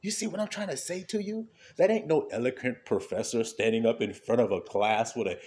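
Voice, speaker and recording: Animated man preaching an informal sermon. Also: a little fast. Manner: conversational, rhetorical questions, frequent laughter; wide swings between low murmurs and high exclamations.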